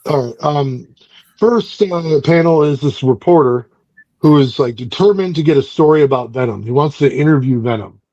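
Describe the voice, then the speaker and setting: A man's voice: mid-range voice, warm tone, no room sound, dull audio. A man hosting a book club, casually recapping a comic book in a rambling way with lots of fillers. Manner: rambling, loose, many fillers.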